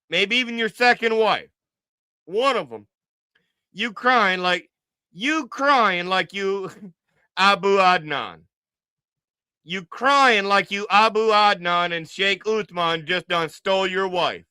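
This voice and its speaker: A man's voice: sits high, sharp tone, clear, resonant tone, dry recording, clean studio sound. A man hosting a livestream, giving casual mocking reaction commentary and teasing with repeated jokes. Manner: teasing, joking, drawn-out repetition. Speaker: livestream host.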